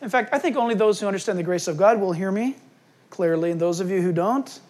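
A man preaching a sermon as pastor, swinging between loud emphatic bursts and quiet, hushed asides. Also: high-pitched, fast talker.

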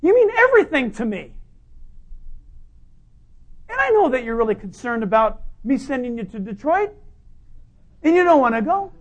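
A man voicing God as a loving father who teases, in a warm and coaxing way that turns playful. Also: extremely high pitch, big pitch swings, moderate pace, pauses often, lo-fi sound, heavily acted. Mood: affectionate.

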